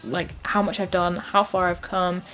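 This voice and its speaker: A woman's voice: lowish voice, fairly even intonation, normal speed, fairly bright tone, soft background music. A young woman, talking casually to camera in a rambling, chatty way full of fillers. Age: young adult. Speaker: vlogger. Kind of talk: casual vlog chat.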